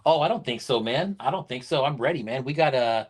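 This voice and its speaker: A man's voice: mid-range voice, animated, fairly quick, breathy edge. A man co-hosting a casual show, laid-back and saying "dude" and "man" often. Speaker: podcast co-host. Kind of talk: casual chat.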